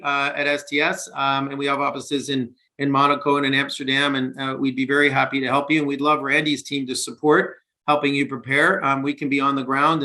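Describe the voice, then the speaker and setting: An earnest man speaking over a video call, with an accent that is not British. He talks at a middling pitch with many ums and restarts, sincere and eager to help. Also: sharp tone. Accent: non-British. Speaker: investment banker presenting. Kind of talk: webinar presentation.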